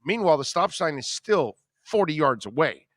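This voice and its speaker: A man's voice: on the high side, normal speed, no room sound. Man hosting a talk radio show. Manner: rambling, animated anecdote telling. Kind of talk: casual on-air storytelling.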